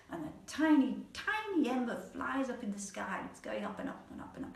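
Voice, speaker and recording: A woman storyteller telling a folk tale aloud in a playful, animated manner, repeating words for rhythm. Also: a little high, brisk, hardly any pauses. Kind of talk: oral storytelling. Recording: echoey room, mic at a distance.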